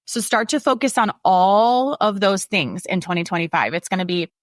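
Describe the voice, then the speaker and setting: A woman in her forties gives a casual motivational talk on her podcast, blunt and candid, dropping swear words and laughing often. Her voice sits at a middle pitch and is recorded close and dry, with almost no room sound. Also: expressive, moderate pace, no echo. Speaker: podcast host.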